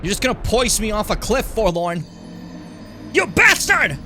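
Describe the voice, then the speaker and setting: A young man commenting on his own gameplay in a casual stream, muttering to himself and then yelling at enemies. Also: high voice, fairly quick, over loud music. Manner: animated, swings from mutters to yells at enemies.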